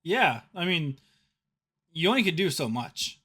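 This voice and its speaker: A man's voice: on the high side, very animated, a little slow, sharp tone, breathy edge. A young man co-hosting a casual gaming podcast, ranting jokingly and laughing often. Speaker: podcast co-host.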